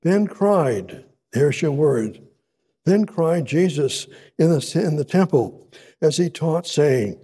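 Slow, husky-voiced male preacher. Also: on the high side, expressive. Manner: deliberate, repeats words for emphasis, swells louder on key words; halting, with frequent restarts and asides. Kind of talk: sermon, reading and expounding scripture.

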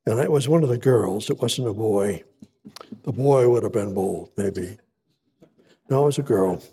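Slow, husky-voiced male preacher. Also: lowish voice. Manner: deliberate, repeats words for emphasis, swells louder on key words; halting, with frequent restarts and asides. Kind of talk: sermon, reading and expounding scripture.

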